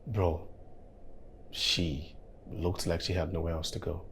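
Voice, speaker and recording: An actor with a Nigerian English accent playing a kind young man who helped a stranded woman. He speaks calmly and earnestly, and turns defensive when teased. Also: low voice, slow, slight background noise, exaggerated voice.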